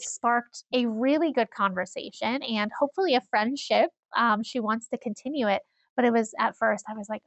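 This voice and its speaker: A woman co-hosting a casual chat podcast, telling stories with animated energy and frequent laughs. Her voice is a little high with a gravelly edge. The sound is dry and close. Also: normal speed, no echo. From Iowa. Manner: animated storyteller, laughs often, acts out quoted people. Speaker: podcast co-host.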